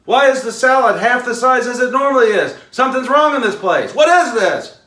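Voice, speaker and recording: A man's voice: very high-pitched, lively intonation, sharp tone, pitched above the performer's own voice, exaggerated voice. A man doing an indignant complaining customer. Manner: indignant rapid-fire complaining questions. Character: angry adult male restaurant customer, suspicious. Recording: roomy echo, mic far off.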